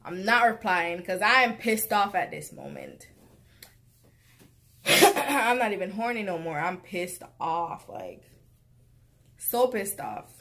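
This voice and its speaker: A young woman telling a dating story in a blunt, profane vlog rant that keeps jumping to loud, exasperated outbursts. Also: medium pitch, lively intonation, slow, pauses often. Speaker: vlogger.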